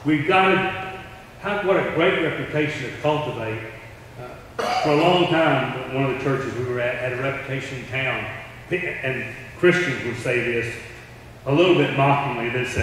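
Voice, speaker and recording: A man's voice: mid-range voice, moderate pace, a bit bright, a little hiss or hum. A middle-aged man preaching a sermon, telling stories and acting out the voices of the people in them. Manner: storytelling, acting out quoted voices. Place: large church hall. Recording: distant mic in echoey hall.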